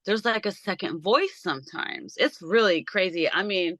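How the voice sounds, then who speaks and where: A podcast host talks at a normal speed in a medium-pitched voice, dry recording, from a small shed out in her backyard. On this easygoing video call she's an animated storyteller who gives each quoted person their own voice.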